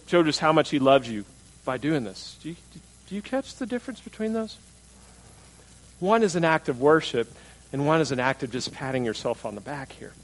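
A man's voice: mid-range voice, rough recording. Male pastor, everyday sermon voice, talks with the congregation and puts on mocking voices for quotes. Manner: conversational preaching, asks the congregation questions.

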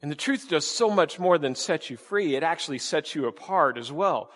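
A man's voice: on the high side, lively intonation, normal speed, fairly bright tone, in a large hall. A man, a pastor, preaching an emphatic sermon, asking his listeners rhetorical questions and repeating key words.

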